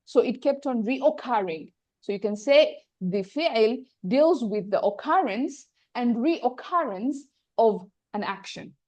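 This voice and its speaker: A woman teaching an Arabic grammar lesson, reading passages quickly and then explaining them slowly and patiently, checking often that her students follow. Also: on the high side, lively intonation, a little mellow, dry recording. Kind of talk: classroom lesson, explaining and translating a text.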